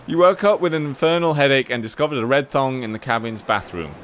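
A brisk-talking man livestreams a video game, chatting casually and reading its text aloud. He's excitable, swearing, laughing, and jumping into high yelps, with game music playing beneath his voice.

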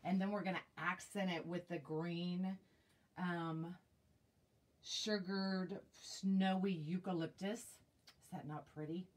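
In a fairly low, slightly rough and a little mellow voice, a woman speaks slowly while demonstrating wreath-making live. She chats with her viewers and fills pauses as she thinks aloud, captured on a tablet mic in a casual setting.

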